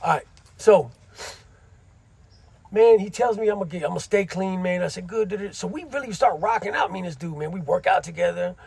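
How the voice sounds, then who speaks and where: A man's voice: sits high, expressive, fairly quick, creaky, a little mellow, breathy edge, no room sound. A middle-aged man casually telling a story from his time in prison, using street slang and frequent asides.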